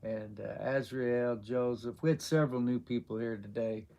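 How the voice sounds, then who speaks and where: A man hosting a casual live stream, answering viewers' chat questions in a rambling, halting way with many fillers. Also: medium pitch, fairly even intonation, dark tone, lo-fi sound. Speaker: livestream host.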